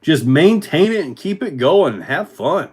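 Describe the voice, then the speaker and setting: A man hosting a casual livestream, rambling in a relaxed way with many fillers while answering viewer comments. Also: on the high side, moderate pace, husky. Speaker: RC hobby livestream host.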